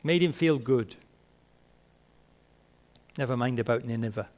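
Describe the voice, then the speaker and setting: A man preaching a sermon, asking rhetorical questions and swinging between soft and emphatic delivery. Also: mid-range voice, unhurried, lo-fi sound.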